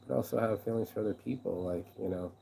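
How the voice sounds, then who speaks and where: A man with a low, mellow voice vents in a loose, aggrieved monologue for his vlog. He swears often, repeats himself and restarts his sentences. The tone stays dark and unpolished throughout. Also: fast, gravelly, slight background noise, low-quality recording. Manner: profane, rambling, aggrieved. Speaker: vlogger and shirt designer. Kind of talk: casual venting monologue.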